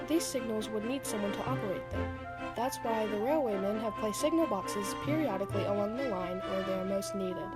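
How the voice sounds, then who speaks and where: A young woman narrating a story in a calm, even storytelling manner. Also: mid-range voice. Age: young adult.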